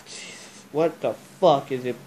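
A young man vlogging, agitated and cursing after a scare, repeating himself a lot. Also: medium pitch. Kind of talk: casual vlog chat.

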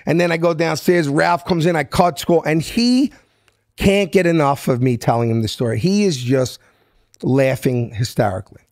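As an interview guest, this man in his fifties from South Philadelphia, with a Philly accent, speaks on the high side at a moderate pace. He performs each character's voice in his anecdote with lots of animation. It's recorded in studio quality, with no room sound.

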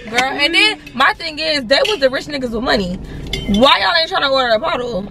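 High, lively young woman telling stories. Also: a little fast, gravelly. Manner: animated, swearing, quoting others. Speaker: friend of the vlogger. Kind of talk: casual storytelling among friends.

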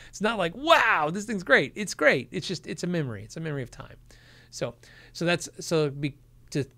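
A man's voice: on the high side, a bit bright. A man hosting a casual livestream Q&A, reading out viewer questions and answering them. He laughs often and acts out the people he quotes.

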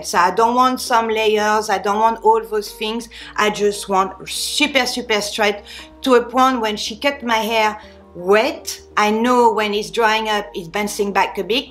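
A woman's voice: mid-range voice, a bit bright. A woman in her forties with a French accent, chatting candidly to camera as a beauty vlogger and sharing hair tips. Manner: chatty and candid, restarts with small slips. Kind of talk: casual talk to camera.

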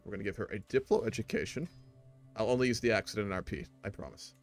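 A young man with a lowish voice streams a strategy game, talking fast and casually to his viewers. He rambles with fillers while faint music plays in the background.

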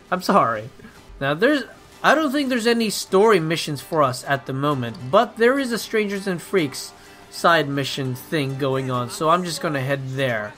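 A young man hosting casual gameplay commentary, excitable and swearing, ranting at the characters on screen. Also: a little high, measured pace, faint music behind. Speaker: gaming video host.

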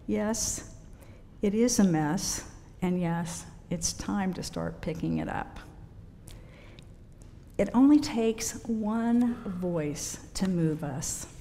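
Woman rector, lowish mellow voice, slow gentle sermon delivery, long church reverb. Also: slight background noise. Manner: gentle, unhurried preaching with pauses. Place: church sanctuary.

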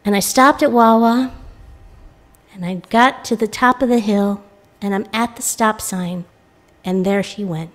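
An American woman intern minister giving a reflective sermon, telling a personal story and voicing the people in it with lively quoted lines. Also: medium pitch, unhurried, pauses often. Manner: reflective, animated when quoting others. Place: church sanctuary.

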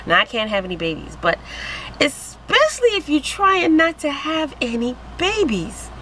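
A woman vlogging to camera in an excited, giddy way, exclaiming and laughing. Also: high-pitched, normal speed, slight background noise, low-quality recording. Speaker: vlogger selling wellness products. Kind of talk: excited casual vlog to camera.

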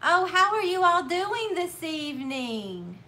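A woman's voice: very high-pitched, big pitch swings, slow pace, pushed and bright. A middle-aged woman hosting a craft livestream, chatting casually and cheerfully as she greets viewers and reads out their names and comments. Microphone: laptop or phone mic.

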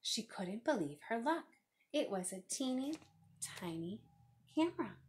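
A woman reading a children's picture book aloud, expressive and lively. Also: fairly high pitch, unhurried, a little hiss or hum. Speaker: reader.

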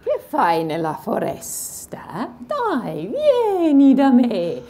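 A woman's voice: fairly high pitch, wildly swooping pitch, takes it slowly, dark tone, a little hiss or hum, full character voice. A woman voicing a sly male snake who coaxes and schemes in a picture-book read-aloud. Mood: coaxing. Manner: coaxing, then flustered.

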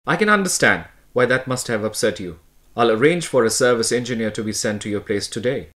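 A man voicing a polite call-center agent who soothes an upset customer. He speaks Indian-accented English at a middle pitch, courteous and steady throughout. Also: brisk, natural voice. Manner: courteous, reassuring.

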